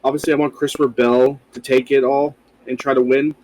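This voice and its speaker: A man's voice: mid-range voice, little pitch movement, a little fast, darkish tone, rough recording. A man co-hosting a casual podcast, talking loosely with frequent swearing and rambling asides. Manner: loose, profane, rambling with fillers. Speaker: podcast co-host.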